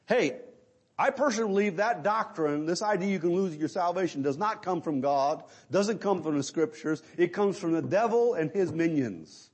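A middle-aged male preacher delivers a sermon with a high, strongly rising and falling voice. He drives his points home emphatically and keeps asking his listeners questions. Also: lively intonation, moderate pace, slightly rough. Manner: emphatic, asks the congregation rhetorical questions.

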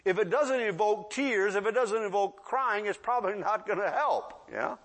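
A preacher in his sixties gives a sermon at normal speed in a relaxed, conversational manner, his voice fairly high. He often asks the audience "yeah?" and acts out children's voices in asides to make his points.

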